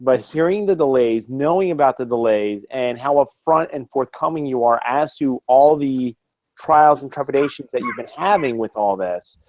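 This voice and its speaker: A man's voice: medium pitch, normal speed, darkish tone, no echo. Guy hosting a group call, earnest, kinda rambly, dull dead-dry sound. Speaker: podcast host. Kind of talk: casual group chat.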